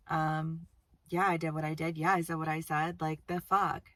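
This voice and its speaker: A woman's voice: deep voice, fairly bright tone, dry recording. A woman giving a casual tarot reading, chatty and blunt, swearing freely and laughing often. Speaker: tarot reader. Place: outdoors-ish on a windy day.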